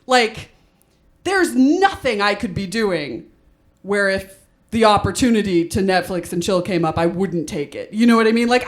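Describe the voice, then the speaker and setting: Chatty young woman doing stand-up. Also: on the high side. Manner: chatty, self-deprecating, many "like" fillers, laughs at own jokes. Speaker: stand-up comedian. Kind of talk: stand-up comedy set. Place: small studio stage with audience.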